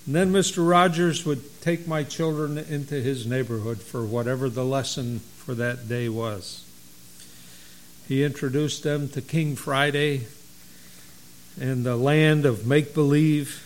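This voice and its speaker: A middle-aged man who is a pastor, preaching a sermon in a slow, folksy storytelling way. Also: mid-range voice, low-quality recording.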